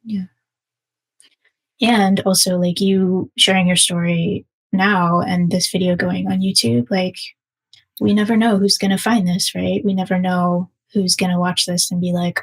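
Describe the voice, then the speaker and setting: A woman's voice: on the low side, level tone, a little slow, gravelly, rough recording. A woman who hosts the interview, speaking in an affirming, reflective way to her guest. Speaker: host, former psychology teacher. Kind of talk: supportive interview talk.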